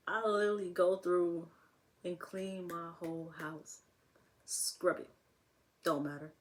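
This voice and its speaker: A young woman talking casually to camera as a vlogger, rambling and laughing often. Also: fairly low pitch.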